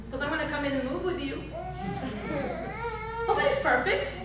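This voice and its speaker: A woman with a high, rapid-fire voice gives a motivational workshop talk, exhorting her audience with repeated calls and questions. She was recorded from far away in an echoey large hall.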